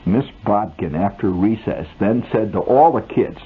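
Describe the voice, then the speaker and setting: A man's voice: fairly low pitch, lively intonation, normal speed, breathy edge. A man reading his own story aloud on the radio in a wry, vivid, mock-dramatic style, on a tinny old aircheck.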